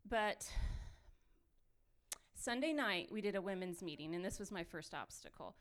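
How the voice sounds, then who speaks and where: A woman telling her own mission trip story with lively, run-on phrasing, laughing often as she goes. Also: medium pitch, normal speed. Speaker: missionary sharing testimony. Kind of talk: animated personal storytelling.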